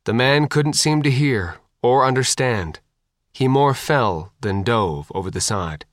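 Male narrator, close mic, dramatic pacing, animated pitch, dead-dry read. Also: a little slow, no room sound. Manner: dramatic pacing, voices every character. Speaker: audiobook narrator. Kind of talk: scripted audiobook narration.

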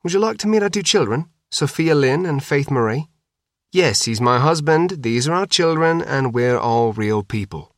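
A man voicing a brisk, wry mother in her forties, lifting his pitch and quickening for her lines. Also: no room sound, studio quality, close to an everyday voice. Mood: amused. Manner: raised pitch, lively, quick. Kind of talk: audiobook reading.

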